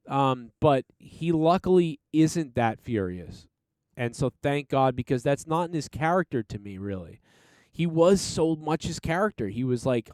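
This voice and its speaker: A man's voice: mid-range voice, a little mellow, smooth, dry recording, clean studio sound. A man hosting a podcast, casually reviewing a TV episode in an enthusiastic, rambling way with some swearing. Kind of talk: casual solo review chat.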